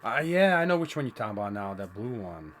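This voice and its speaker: A man's voice: fairly low pitch, sing-song, quick pace, fairly bright tone. A man co-hosting a casual toy review, chiming in with teasing, dry banter. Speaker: co-host.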